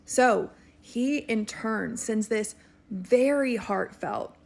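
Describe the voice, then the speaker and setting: Woman, commentary, pointed, incredulous, gravelly fry. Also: a little high, drawn-out words, a little mellow. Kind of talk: celebrity gossip commentary.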